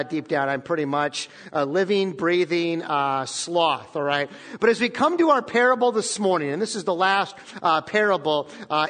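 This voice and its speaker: A man's voice: high-pitched, a bit bright. A man preaching a sermon as pastor, talking conversationally and often checking in with the congregation. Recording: long reverb of a large hall.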